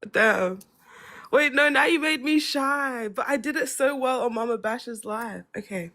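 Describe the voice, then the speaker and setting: A woman's voice: high voice, unhurried, a bit bright. Giggly woman on a live call. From Australia. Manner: giggly, self-conscious. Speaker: live panelist. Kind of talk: casual live chat.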